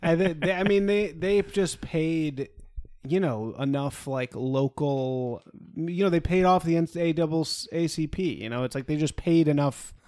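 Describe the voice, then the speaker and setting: A man co-hosting a casual political chat, blunt and quick to swear. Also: a little high, a little mellow, dry recording, clean studio sound. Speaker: podcast co-host.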